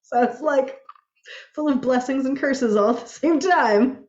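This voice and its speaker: Woman spiritual guide chatting an energy update, animated, slightly muffled audio. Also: high voice, unhurried. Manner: animated storyteller, acts out her own quotes. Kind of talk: casual energy update monologue.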